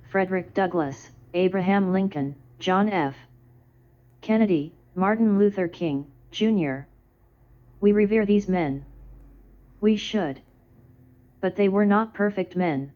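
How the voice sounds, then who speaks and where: A woman in her thirties delivers a formal defense speech in a legislative chamber, building her points with a deliberate, rhetorical cadence. Her voice sits on the low side. The sound is dull and lo-fi, like an old archival broadcast. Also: darkish tone. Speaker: defense lawyer addressing the Senate.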